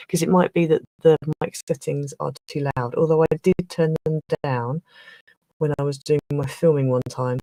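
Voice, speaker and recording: A woman hosting a craft livestream in casual chat, flustered and restarting her sentences, with a slightly rough throat. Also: low-pitched, moderate pace, a little mellow, no room sound, rough recording. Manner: chatty, flustered, trailing off and restarting.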